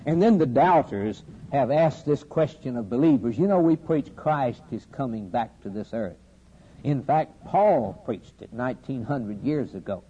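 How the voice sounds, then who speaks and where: A man preaching a sermon, with a steady preaching cadence that builds to loud, emphatic climaxes with dramatic pauses. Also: mid-range voice, husky. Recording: dull lo-fi sermon recording with faint hiss.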